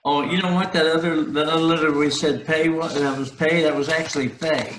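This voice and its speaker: A man's voice: fairly high pitch, fairly even intonation, fairly quick, a bit bright, roomy sound, a little hiss or hum, poor audio. A man tutoring a student in Hebrew letters, patiently repeating sounds and correcting himself as he goes. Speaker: Hebrew teacher. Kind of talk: one-on-one language tutoring.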